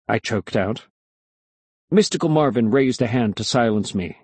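A man narrating a storybook in a measured, expressive way. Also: on the low side, husky, no room sound.

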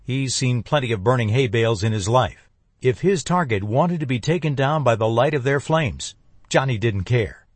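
A man narrating a first-person thriller audiobook in a measured, tense voice. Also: medium pitch, animated, slightly rough, no room sound.

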